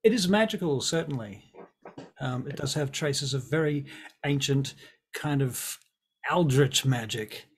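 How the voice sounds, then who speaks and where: A man narrating as dungeon master in a tabletop game, describing scenes in a measured way with frequent ums. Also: medium pitch, lively intonation, breathy edge.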